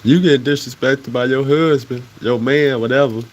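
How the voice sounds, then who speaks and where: A man's voice: mid-range voice, fairly even intonation, normal speed. A man from Chicago with a Chicago accent, talking loosely on a casual livestream and getting heated and emphatic as he goes. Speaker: livestream host.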